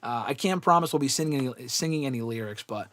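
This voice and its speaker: Fast and animated, a man with a mid-range, slightly bright voice reads viewers' chat messages on his live-stream wrestling question show. He answers fan questions in a loose, casual way, giggling as he goes.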